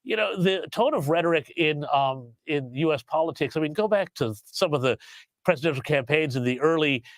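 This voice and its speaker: A man joining a live discussion, speaking haltingly with many restarts and fillers. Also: fairly high pitch, expressive, no echo. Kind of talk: casual debate.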